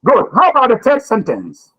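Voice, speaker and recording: A man's voice: extremely high pitch, huge pitch swings, moderate pace, fairly bright tone, breathy edge, highs cut off. A man teaching a communication class, lecturing and questioning students, often repeating his words.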